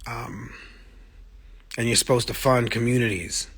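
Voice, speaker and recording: A man's voice: medium pitch, steady tone, unhurried, a bit bright, breathy edge. A man talking on a phone livestream, blunt and profane, speaking with passion and answering viewer comments as they come in. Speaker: musician streaming live to fans. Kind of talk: casual livestream monologue.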